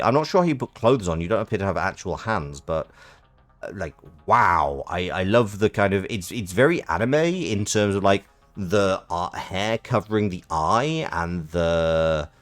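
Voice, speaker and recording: A man streaming a game, reading its text aloud and chatting in animated, quick asides. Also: deep voice. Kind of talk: casual game playthrough with narration.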